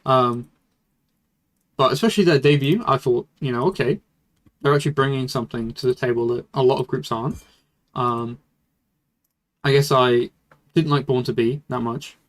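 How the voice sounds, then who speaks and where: A man's voice: medium pitch, moderate pace, long pauses. A young man streaming casual commentary, rambling loosely with fillers and the odd swear. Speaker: streamer reviewing music. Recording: faint music in background. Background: faint music.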